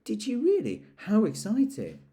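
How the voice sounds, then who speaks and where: A man voicing an eager, kind young boy in a storybook reading, calling out high and excited. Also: normal speed.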